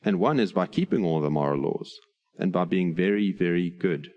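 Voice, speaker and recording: Guy preaching, low-ish voice, earnest with a bit of humor, drags out big phrases. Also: dull audio. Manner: earnest, slows down on key phrases, light humor. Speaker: pastor. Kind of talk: sermon.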